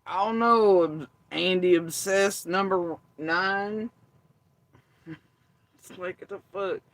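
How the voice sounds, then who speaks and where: A woman chatting casually, sarcastic and slow, swearing freely and mocking others. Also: lowish voice. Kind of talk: casual chat.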